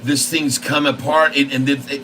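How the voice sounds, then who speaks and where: An excitable man calls out his trades live in a chatty, folksy manner, talking straight to the viewers. His voice is bright and forceful, with a mid-range pitch. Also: moderate pace, a little hiss or hum, rough recording. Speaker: stock trading channel host. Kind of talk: live commentary on day trading.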